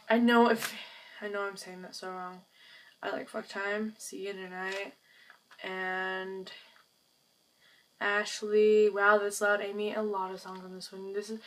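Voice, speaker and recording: A teenage girl gushes to her camera in a chatty, filler-heavy vlog. Her voice sits at an ordinary pitch for a girl. She sounds set back a little from the microphone. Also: distant mic, slight background noise, low-quality recording. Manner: gushing, chatty, lots of fillers. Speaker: vlogger. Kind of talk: casual chat to camera.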